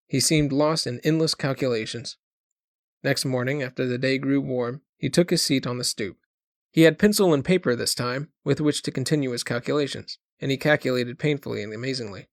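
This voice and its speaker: A man narrates a short story as an audiobook reader, delivering scripted narration in a measured storytelling manner. His voice is mid-range, and the studio recording is clean with no room sound.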